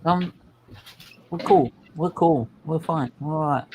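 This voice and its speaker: A man's voice: on the high side, unhurried, slight background noise, low-quality recording. A man hosting a live football watchalong, chatting casually and eagerly. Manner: lively, laughing, eager.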